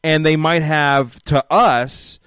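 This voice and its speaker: A man's voice: a little high, fairly even intonation, takes it slowly, a bit bright, clear, resonant tone, no room sound, clean studio sound. A man hosting a casual interview, easygoing and repeating his friendly affirmations. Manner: easygoing, repeats phrases like "I hear ya". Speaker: interview host.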